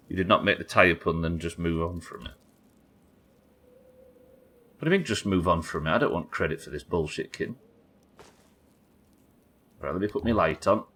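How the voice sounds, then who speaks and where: A man, low in pitch yet bright and forward in tone, commentating a live game stream. His delivery swings up and down as he trades wry, sweary banter with his chat. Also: slight background noise.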